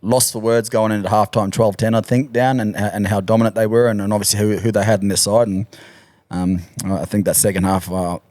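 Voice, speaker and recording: A man, a rugby league player and podcast guest, telling stories in a relaxed, halting way and laughing easily. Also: on the low side, no room sound. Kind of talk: casual storytelling chat.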